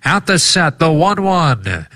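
A man's voice: a little high, sing-song, slow pace, sharp tone, no room sound, clean studio sound, voice pushed up, heavily acted. A man doing an old-timey radio baseball announcer. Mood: dramatic. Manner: dramatic play-by-play calling.

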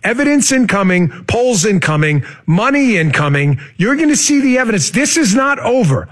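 A man hosting a political talk show, talking casually and animatedly, sarcastic at times, with sudden jumps into shouting. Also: high voice, big pitch swings, moderate pace.

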